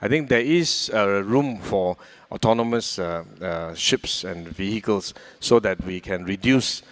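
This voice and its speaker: An older man with a Singaporean accent speaks in a lowish voice. He answers audience questions at a public event, measured and full of pauses and fillers. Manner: measured, many hesitations. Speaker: government minister answering questions. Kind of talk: fireside chat Q&A.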